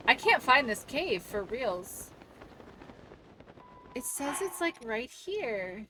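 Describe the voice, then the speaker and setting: Slow and sing-song, this young woman's fairly high voice carries over background noise as she plays a game on a home stream. She rambles and laughs freely, chatting casually with viewers and reading their messages aloud.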